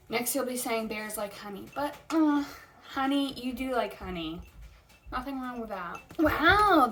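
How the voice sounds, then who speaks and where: A young woman giving a comedic review of a children's book, dry and exasperated. Her voice sits a little high, and she takes her time. She talks in sarcastic asides. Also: lively intonation, takes it slowly, a bit bright, distant mic. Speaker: host reviewing a picture book.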